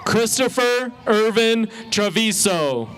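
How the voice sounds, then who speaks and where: A man's voice: high-pitched, animated, slow pace, a bit bright, faint music behind, some chatter behind. A man announcing graduates' names at an outdoor graduation ceremony, pronouncing each one carefully. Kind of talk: slow, deliberate name reading.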